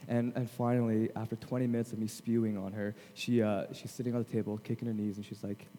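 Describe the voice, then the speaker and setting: A man's voice: fairly low pitch, fast. Man telling a story in a reverberant chapel. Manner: self-deprecating, animated storytelling with laughs. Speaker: guest chapel speaker. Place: large chapel hall. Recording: long hall reverb.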